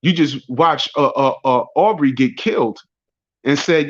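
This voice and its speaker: A man hosting a barbershop talk show, ranting profanely and mocking his critics in a rambling, loud way. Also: mid-range voice, measured pace. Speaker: podcast host. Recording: dull lo-fi audio.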